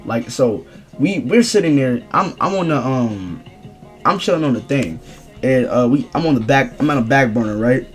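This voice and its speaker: A young man rambling through a casual storytime vlog in slangy, animated speech. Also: mid-range voice, normal speed, soft background music. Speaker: streamer telling a story.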